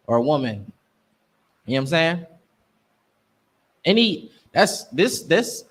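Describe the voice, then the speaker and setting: A young man teaching a scripture class, preaching emphatically in street slang. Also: on the high side. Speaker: class instructor.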